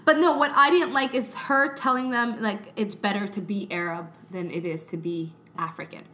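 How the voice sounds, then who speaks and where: A woman's voice: medium pitch, fairly even intonation, normal speed, sharp tone, a little hiss or hum. A woman with a Canadian accent co-hosting a podcast in casual, emphatic chat, rambling with fillers. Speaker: podcast co-host.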